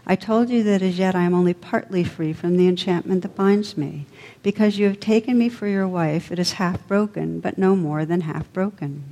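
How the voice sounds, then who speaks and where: A gentle, wise enchanted lady speaks low and soft, as a woman reading a storybook gives her voice. The pitch sits fairly low, the tone is dark and mellow, and a long hall reverb trails every word. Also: normal speed, natural voice.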